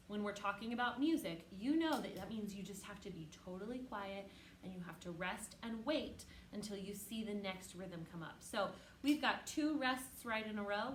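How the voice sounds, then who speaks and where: A woman's voice: mid-range voice, slight background noise. Encouraging woman music teacher, echoey room. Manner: patient, encouraging, chanting rhythm syllables loudly. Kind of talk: online music lesson for children.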